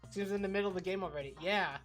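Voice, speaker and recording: A woman's voice: mid-range voice, rapid-fire, faint music behind. A woman streamer chatting casually through a game, greeting chat and reacting with amusement. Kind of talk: casual gameplay commentary.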